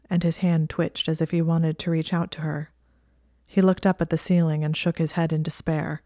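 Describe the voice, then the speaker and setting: A woman narrating fiction in a steady, measured reading style. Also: deep voice, dry recording, studio quality.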